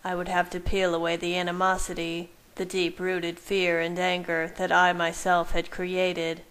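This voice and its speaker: A woman narrating a first-person fan fiction story in a soft, measured way. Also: lowish voice, completely flat delivery, smooth, poor audio.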